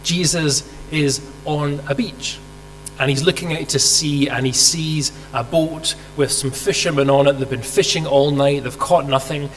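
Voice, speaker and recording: A man's voice: on the high side, steady tone, a little slow. A man preaching a sermon, telling a story vividly and asking rhetorical questions, acting out quoted lines. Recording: hall reverb with faint mains hum.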